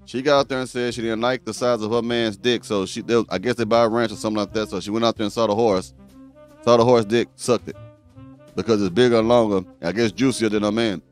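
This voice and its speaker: A man's voice: on the low side, steady tone, fast talker, soft background music. Blunt, scolding male commentary host. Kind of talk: reaction commentary.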